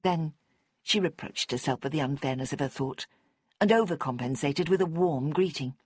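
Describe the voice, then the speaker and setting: A woman narrating an audiobook in a calm, measured way on a close studio mic. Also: low voice, breathy edge, dry recording. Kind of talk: scripted narration.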